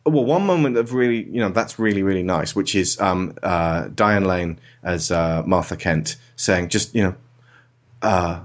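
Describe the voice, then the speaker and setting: A man's voice: low voice, normal speed. A man hosting a podcast, giving a casual, sarcastic spoken film review and slipping into mock voices.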